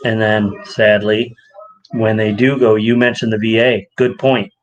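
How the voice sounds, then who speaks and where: A man's voice: measured pace, lo-fi sound. A man co-hosting a casual podcast chat, telling stories and acting out quoted voices with a lot of energy. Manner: animated storyteller, acts out quotes with rising pitch. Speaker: podcast co-host.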